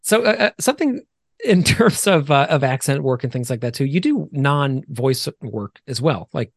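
A man's voice: medium pitch, lively intonation, moderate pace, no room sound. Man co-hosting with a dry close sound. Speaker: podcast co-host. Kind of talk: casual interview questions.

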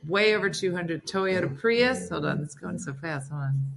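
Woman, radio morning host, casual chat, reads off listener answers, lowish pitch. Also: expressive, creaky. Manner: chatty, reads out listener replies in quick lists.

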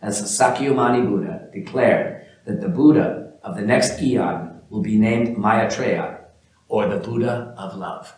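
A man teaching an informal spiritual talk in a gentle, musing way, speaking to listeners by name. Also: lowish voice, steady tone, a little slow, heavy reverb, poor audio.

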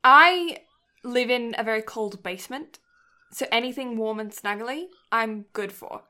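A woman's voice: a little high, fairly even intonation, normal speed, fairly bright tone. A young woman from Canada hosting a casual anime podcast, cheerful and chatty. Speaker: podcast host. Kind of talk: casual chat.

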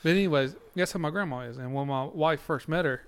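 Man, slightly high voice, laid-back storyteller on a podcast. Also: smooth. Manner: relaxed, drawn-out storytelling with laughs. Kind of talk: casual chat.

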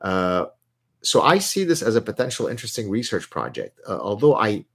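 Husky deep-voiced man answering questions. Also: a little fast. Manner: animated, digressive, frequent restarts. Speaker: host answering viewer questions. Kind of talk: live question-and-answer stream.

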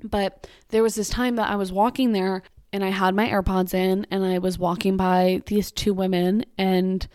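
A woman's voice: mid-range voice, level tone, moderate pace, darkish tone, no echo, studio quality. A young woman hosting her own podcast, chatting casually and ranting about pet peeves, swearing and saying "like" a lot. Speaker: podcast host. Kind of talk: casual solo podcast chat.

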